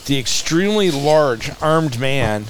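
A man who runs a museum, a podcast guest telling a lively story in a casual way, acting out what people said and laughing often. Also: mid-range voice, takes it slowly, slight background noise. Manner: animated, acts out dialogue, laughs often.

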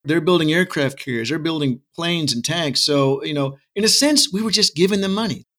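A middle-aged man with a slightly high voice talks passionately as an interview guest. He argues his point with quick asides and pointed rhetorical questions. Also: fairly bright tone. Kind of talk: casual interview talk. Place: Texas.

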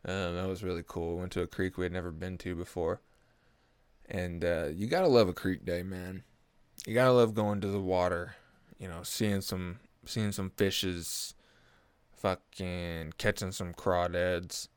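Young man in his early 20s, low voice, profane rambling comic host, dry recording. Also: steady tone, a little slow, smooth, no room sound. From Oklahoma. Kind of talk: casual comedic monologue.

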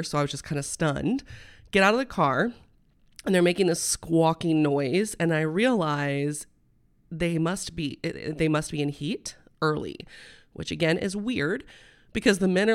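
A woman's voice: sits low, moderate pace. A woman, hosting a personal storytelling podcast in a chatty, rambling, candid way. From Midwestern United States. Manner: chatty and rambling, full of "um" and "like", laughing mid-sentence; candid and heartfelt, turning emotional. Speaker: podcast host.

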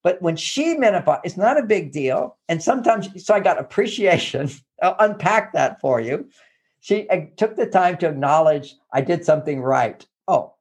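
Gravelly animated man giving relationship advice. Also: high-pitched. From Texas. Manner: animated, acts out quoted phrases in a raised voice. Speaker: therapist and relationship author. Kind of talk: casual advice talk.

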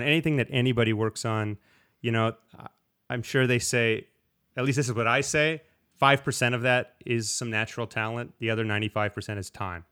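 A man's voice: fairly low pitch, clean tone. A man, a slide guitarist, talking casually in an interview, rambling a little and often restarting his sentences. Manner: relaxed, rambling, with frequent restarts and acted-out quotes.

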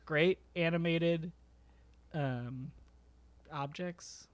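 A man's voice: a little high, moderate pace, pushed and bright. A man co-hosting a podcast, giving a hesitant, self-deprecating movie review in casual chat. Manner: hesitant, self-deprecating, chuckles between phrases. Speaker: podcast co-host.

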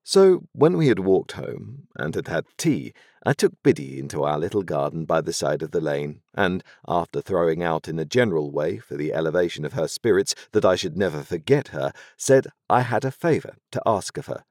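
Low-voiced, expressive male audiobook narrator. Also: dry recording, studio quality. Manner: expressive, measured storytelling. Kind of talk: scripted narration of a classic novel.

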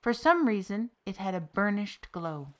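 A woman storyteller giving a steady, expressive reading of a folk tale for a podcast. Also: mid-range voice, measured pace. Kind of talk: scripted narration of a folk tale.

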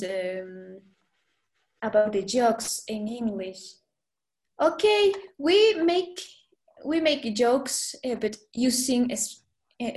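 A woman with a Spanish accent, a Spanish teacher speaking English as a second language as a podcast guest, halting and searching for words with many fillers. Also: on the high side, a little mellow. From Guatemala. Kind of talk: casual interview chat. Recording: echoey room.

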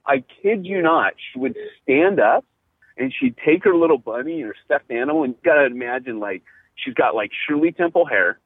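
A middle-aged man, a pastor and podcast host, telling stories in casual chat, animated and full of "you know" and restarts. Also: mid-range voice, husky, no echo. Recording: tinny phone-like line, dry.

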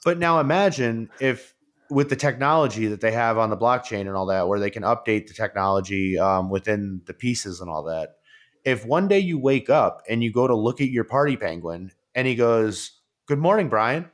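A man hosts a podcast in loose, casual chat. He rambles and gets excited, piles up fillers and restarts, and swears freely. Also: lowish voice, normal speed. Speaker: podcast host.

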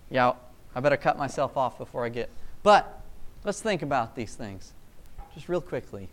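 A man preaching a casual, energetic sermon in a rambling, self-amused way. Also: mid-range voice, moderate pace. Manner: energetic, rambling, laughs at himself.

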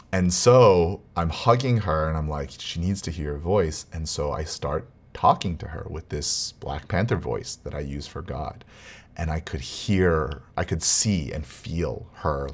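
A father who vlogs tells a personal family story in an extremely low voice, taking it slowly. He's earnest and rambling, restarting sentences and laughing quietly.

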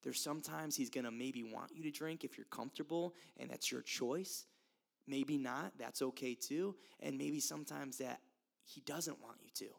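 A man's voice: mid-range voice, normal speed, creaky. A young man from the United States giving a casual, earnest sermon, talking straight to his listeners and laughing at himself now and then. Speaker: youth preacher.

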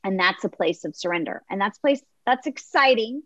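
A woman guest on a faith interview, telling an illustration with lively voices for the crowd. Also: medium pitch, normal speed, no echo, muffled recording. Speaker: guest author.

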